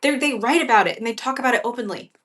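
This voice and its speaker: A woman's voice: on the high side, very fast, fairly bright tone. A woman guest in a casual political chat over a video call, earnest and emphatic. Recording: distant mic.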